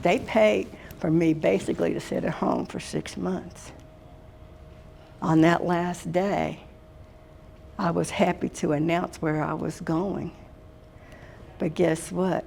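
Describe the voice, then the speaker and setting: Gravelly older woman giving workplace advice. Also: fairly low pitch, steady tone, slow, pauses often, darkish tone, a little hiss or hum. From Washington, D.C. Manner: folksy, direct, addresses the room as "guys". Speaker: HR consultant and speaker. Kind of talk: workshop talk.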